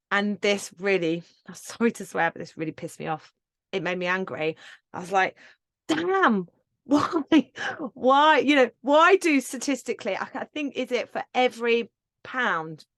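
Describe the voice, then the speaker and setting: A woman's voice: mid-range voice, a bit bright, dry recording, clean studio sound. A woman hosting her own podcast, talking alone with passion and emphasis, swearing casually and laughing now and then. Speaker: podcast host and yoga teacher mentor. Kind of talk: solo podcast monologue.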